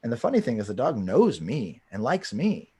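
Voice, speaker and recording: A man who is a dog trainer on a podcast, telling a client story in a lively way. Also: medium pitch, moderate pace, slightly rough. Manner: lively storyteller, many backchannel hums.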